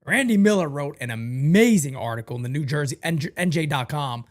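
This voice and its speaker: A male host of a fan show, emotional and ranting, swinging from low muttering to shouting. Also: expressive, fairly quick.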